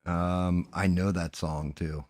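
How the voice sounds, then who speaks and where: A man's voice: low-pitched, level tone, takes it slowly, darkish tone, no room sound. A man hosting a live stream, chatting casually, cursing freely and often trailing off mid-sentence. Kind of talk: casual chat while painting 3D prints.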